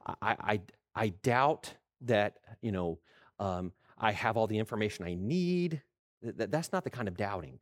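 A middle-aged man preaching a sermon, animated, acting out quoted voices and restarting his words. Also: lowish voice. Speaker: pastor.

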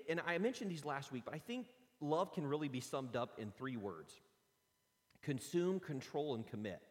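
A man preaching a sermon, telling lively personal stories and acting them out. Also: fairly high pitch. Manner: animated storytelling, acts out his own stories. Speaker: pastor. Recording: long hall reverb.

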